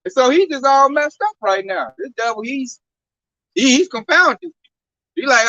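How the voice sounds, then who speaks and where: A man in an animated religious discussion, telling a story and acting out both sides of the conversation. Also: extremely high pitch, moderate pace, no echo, distant mic, rough recording. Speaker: group discussion participant. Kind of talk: fervent religious talk.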